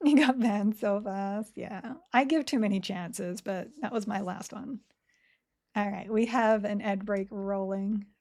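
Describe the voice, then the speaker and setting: A streamer playing an online game chats casually with her viewers in a medium-pitched, slightly mellow voice. She laughs often and reads chat aloud, speaking slowly with her words running together.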